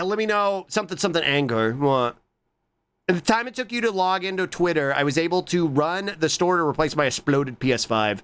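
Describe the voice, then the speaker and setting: Excitable streamer man, lively pitch. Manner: excitable, swears a lot, jumps to squeaky high greetings. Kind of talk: casual stream chat.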